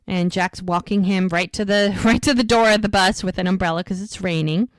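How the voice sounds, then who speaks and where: A woman co-host talks through an episode recap in a chatty, meandering way. Her voice is smooth and clear, at a middle pitch. The sound is dry and close. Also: fairly quick, no echo. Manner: chatty retelling with frequent fillers. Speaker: podcast co-host.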